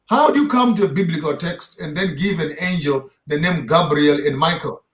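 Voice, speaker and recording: A man's voice: a little high, normal speed, roomy sound. A man being interviewed as a theologian, lecturing emphatically and firing off rhetorical questions. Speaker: theologian guest. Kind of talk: impassioned interview talk.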